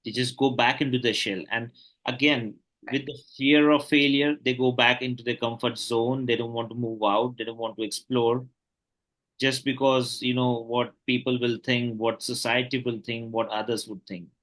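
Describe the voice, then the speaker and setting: Guy hosting a podcast, bright tone, slow careful questions, lots of "you know". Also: medium pitch, flat delivery, rough recording. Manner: measured, asks long questions with many fillers. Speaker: podcast host. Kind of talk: casual podcast interview.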